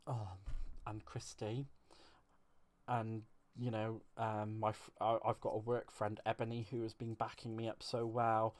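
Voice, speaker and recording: The crafting livestream host here has a fairly low, monotone voice and a slightly slow pace. Even so, he chats and rambles casually, jokes at his own expense, and reads and responds to viewers' comments.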